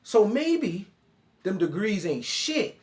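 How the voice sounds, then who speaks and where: A man with a high-pitched voice delivers a reaction commentary monologue. He lectures in an animated, mocking way, talking straight at the person he criticizes. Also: takes it slowly. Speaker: online commentator.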